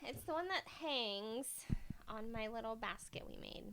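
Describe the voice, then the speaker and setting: A woman co-hosting a podcast in casual chat, giggling a lot and tossing off quick sarcastic quips. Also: a little high, animated, heavy background noise. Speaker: podcast co-host.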